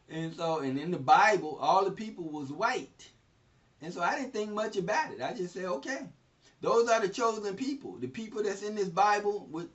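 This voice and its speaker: Older man preaching from a distance. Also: on the high side. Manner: conversational, retells scenes in plain speech. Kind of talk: informal Bible teaching. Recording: distant, dull lo-fi recording.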